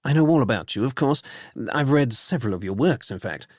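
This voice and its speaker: A man's voice: medium pitch, expressive, fairly quick, a little mellow, no echo, clean studio sound, close to an everyday voice. A man reading an audiobook and voicing a glib young upper-class Englishman with an airy, chatty, self-mocking manner. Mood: breezy.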